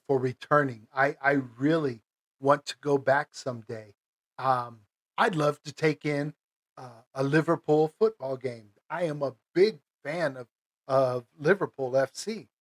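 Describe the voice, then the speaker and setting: This podcast host speaks alone and informally in a slightly high, somewhat bright voice. His monologue wanders, packed with filler words and restarted sentences, and little chuckles slip in between phrases.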